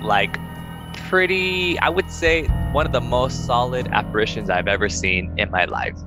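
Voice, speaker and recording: A young man casually telling a ghost story to friends, animated and acting out the voices he quotes. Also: moderate pace, music in the background. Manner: animated, acts out quoted voices in higher pitch.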